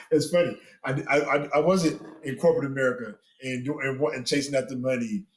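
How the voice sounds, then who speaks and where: A middle-aged man giving earnest relationship advice on a podcast, with animated, preacher-like emphasis. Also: medium pitch, brisk, roomy sound, rough recording. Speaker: guest, spiritual father. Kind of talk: candid podcast conversation.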